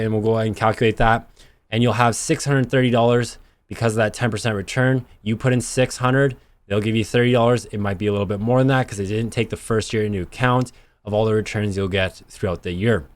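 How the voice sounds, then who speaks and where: A man's voice: fairly low pitch, dry recording. A young man hosting an investing channel, talking through numbers on screen in a chatty, plainspoken way and correcting himself as he goes. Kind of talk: casual screen-share explainer.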